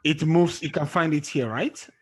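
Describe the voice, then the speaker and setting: A man teaching a classroom lesson, explaining slowly and quizzing his students as he goes. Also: fairly high pitch, slightly rough. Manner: slow, drawn-out explaining with questions to students. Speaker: English teacher.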